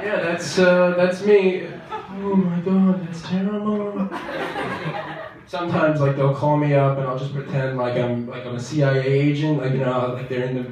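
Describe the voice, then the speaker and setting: A man's voice: on the high side, fairly even intonation, normal speed. Young male stand-up in echoey club. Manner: wry, self-deprecating, builds to loud bursts. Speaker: stand-up comedian. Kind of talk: stand-up comedy set. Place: comedy club. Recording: echoey club from far off, crowd noise.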